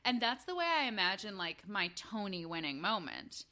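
A woman co-hosting a podcast in casual chat, telling stories in an animated, theatrical way. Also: mid-range voice, normal speed. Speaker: podcast co-host.

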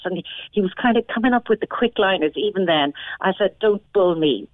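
An Irish woman in her fifties earnestly telling a personal story over the phone, halting and restarting often. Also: medium pitch, expressive, no echo. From Ireland. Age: 50s. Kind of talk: emotional personal account. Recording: tinny phone line.

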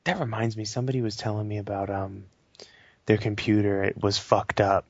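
A man's voice: fairly low pitch, steady tone, brisk, dry recording, dull audio. A man co-hosting a casual tech news podcast, cursing freely and acting out joking anecdotes. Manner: profane, joking, acts out anecdotes. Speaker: podcast co-host.

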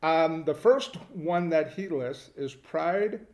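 Wry, fairly high-voiced man, echoey room. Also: slow, darkish tone. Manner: wry, laid-back, self-deprecating. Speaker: podcast co-host. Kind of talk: casual chat.

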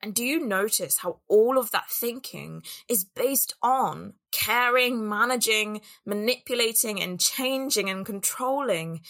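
A woman's voice: mid-range voice, a bit bright. A woman business coach giving an earnest, reflective solo talk on self-worth and voicing the doubts in people's heads.

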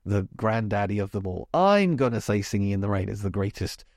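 A man's voice: fairly low pitch, animated, a little fast, a little mellow, no room sound, clean studio sound. A man hosting a podcast, talking casually and emphatically about musicals with chatty asides. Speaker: podcast host. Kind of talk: casual chat monologue.

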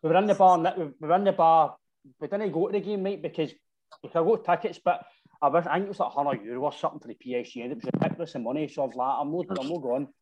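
Man, Scottish accent, casual rambling anecdote, slightly high voice. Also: racing, a little mellow, highs cut off. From Scotland. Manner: rambling anecdotes with slang and frequent "right?". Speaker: football supporter telling stories. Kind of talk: casual chat.

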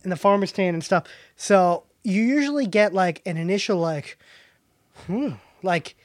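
Male co-host, high voice, deadpan and halting, dry sound. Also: dry recording. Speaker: podcast co-host. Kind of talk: casual chat.

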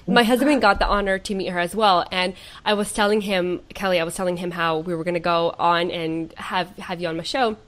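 A woman's voice: lowish voice, steady tone, fairly quick, few pauses, fairly bright tone. A young woman from Ukraine hosting a live online show, effusive and full of praise as she reads out viewer comments. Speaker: host.

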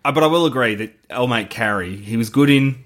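Male co-host, animated and emphatic, mid-pitched, casual podcast talk. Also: fairly quick. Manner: animated, emphatic, swears freely. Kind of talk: casual film chat.

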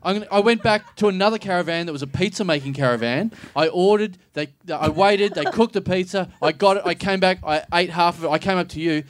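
A man's voice: sits high, fast, hardly any pauses, dry recording. A man co-hosting a live comedy podcast in a pub, telling a story with lots of swearing and acted-out voices. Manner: animated storytelling, swearing, acting out others. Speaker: podcast co-host.

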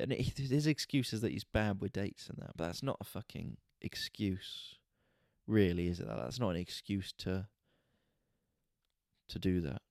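A man hosting a podcast, telling a story in an exasperated, sweary, animated rant. He is a stand-up comedian talking casually. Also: low voice, gravelly, no room sound, clean studio sound. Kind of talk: casual ranting monologue.

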